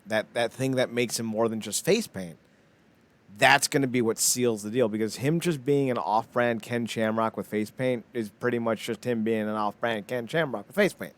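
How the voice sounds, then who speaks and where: Medium in pitch and fairly bright, this man co-hosts a relaxed podcast conversation. He rambles, stays blunt and profane, and keeps reaching for "like."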